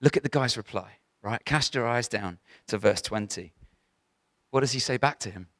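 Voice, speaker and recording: A man's voice: medium pitch, normal speed, fairly bright tone, dry recording, clean studio sound. A man preaching a sermon to a church gathering, in a conversational, emphatic way with frequent restarts.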